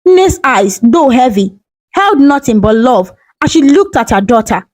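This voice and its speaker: Brief: woman storyteller, gentle emotional narration, high animated voice. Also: measured pace, no room sound, poor audio. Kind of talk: scripted narration.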